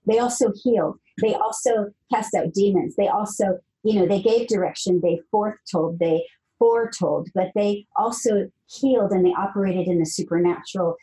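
A woman's voice: mid-range voice, normal speed, few pauses, mellow, poor audio. A woman guest author telling a story in an earnest, emphatic way, often repeating her phrases. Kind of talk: conversational storytelling.

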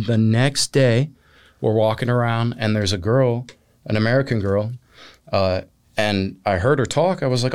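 Smooth-voiced laid-back male podcast host. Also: medium pitch, moderate pace. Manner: laid-back, rambling anecdotes with laughs. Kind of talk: casual storytelling chat.

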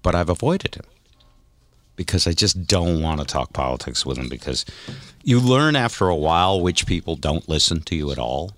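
A man's voice: sits low, sing-song, normal speed, no room sound. A man hosting a casual podcast, telling stories animatedly and laughing often. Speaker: podcast host. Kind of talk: casual chat.

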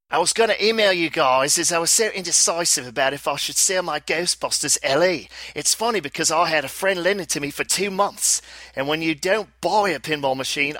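A man's voice: on the high side, sharp tone, dry recording. A man reading out a listener's email in a put-on Australian accent, voicing an exasperated pinball owner who swears as he rants. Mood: grumbling.

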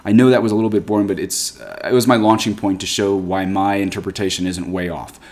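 A Catholic priest with a deep, darkish voice talks fast in a steady tone. He gives a conversational commentary on scripture, reading quotations aloud before earnestly explaining them.

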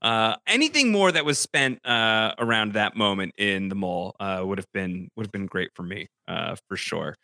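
An upbeat male host reads viewer questions on a casual live stream. His voice is bright and swings lively in pitch, recorded dry and close over a video call. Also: moderate pace, gravelly, few pauses, dry recording. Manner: upbeat, narrates for audio listeners.

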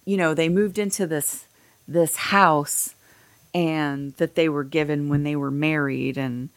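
Low-voiced woman rambling candidly. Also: steady tone, unhurried, no room sound. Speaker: podcast host. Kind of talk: casual chat.

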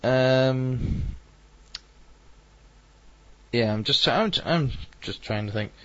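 Laid-back guy rambling on his radio show, slow, dry dull lo-fi mic. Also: medium pitch, a bit bright, no echo. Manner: rambling, self-deprecating, hesitant. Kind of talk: casual online radio chat.

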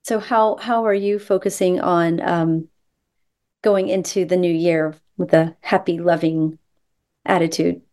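A woman co-hosting a health radio show, speaking gently and haltingly with lots of filler ums while she introduces a question. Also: fairly low pitch, steady tone.

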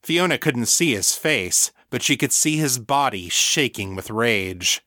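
A man narrating an audiobook in a measured, deliberate storytelling manner. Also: medium pitch, expressive, bright, forceful tone, no echo, clean studio sound. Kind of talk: scripted narration.

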